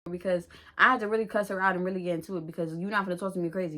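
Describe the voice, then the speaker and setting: Brief: young woman vlogger, low-ish voice, casual slangy storytime. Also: steady tone, very fast, hardly any pauses, a bit bright. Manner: chatty, slangy, laughs at herself.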